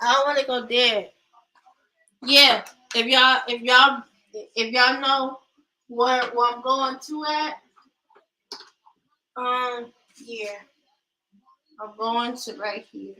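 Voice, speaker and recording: A woman with a high, bright voice leads a Bible study, reading scripture with casual commentary at a slow, unhurried pace. She stumbles and restarts over words as she reads, then breaks into chatty asides to her live viewers. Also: steady tone.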